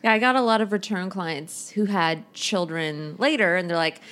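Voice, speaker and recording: A woman's voice: on the low side, normal speed, hardly any pauses, fairly bright tone. A woman from Southern California, a comedian guest chatting casually on a podcast and laughing easily. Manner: chatty, laughs easily, slips into quoted voices.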